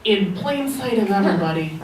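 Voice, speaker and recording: Young woman comedian, wry and deadpan. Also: medium pitch, a little fast, a crowd in the background. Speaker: stand-up comedian. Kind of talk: stand-up set. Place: comedy club stage. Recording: echoey club sound from far off, noisy.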